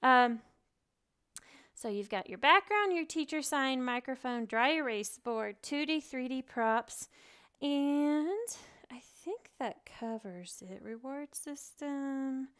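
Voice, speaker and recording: A woman teaching English online talks through her tips in a chatty, animated way and laughs often. Her voice sits a little high and comes across smooth and clear. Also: slow. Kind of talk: casual advice vlog.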